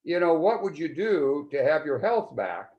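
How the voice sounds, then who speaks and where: A man's voice: fairly high pitch, big pitch swings, normal speed, highs cut off. A man in his seventies giving a client testimonial in a casual interview, earnest and rambling, often restarting his sentences. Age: 70s. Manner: earnest, rambling, with many repeated starts.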